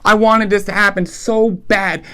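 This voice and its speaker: A man's voice: high voice, steady tone, a little slow, bright, forceful tone, clear, resonant tone. A man hosting a comedic football betting recap, ranting animatedly and throwing out rhetorical questions. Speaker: sports betting show host.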